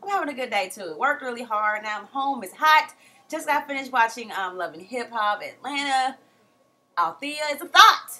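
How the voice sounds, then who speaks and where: A woman's voice: a little high, lively intonation, normal speed, pushed and bright. A woman recapping a reality show from home in a casual, chatty way, full of slang and acted-out quotes. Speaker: TV recap vlogger.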